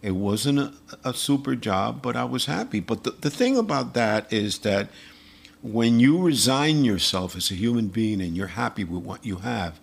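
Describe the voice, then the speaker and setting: A man's voice: on the low side, moderate pace, creaky, husky. A man, a percussionist and singer, telling stories in a casual interview, acting out the dialogue and chuckling as he goes. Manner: animated anecdote-telling with quoted dialogue and chuckles. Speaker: guest musician, percussionist and vocalist.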